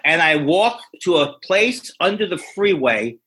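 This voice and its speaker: A comedian, a man, telling a rambling, self-deprecating story with many halting restarts. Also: a little high, animated, bright, forceful tone, a little hiss or hum. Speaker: stand-up comedian, guest. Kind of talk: anecdotal storytelling.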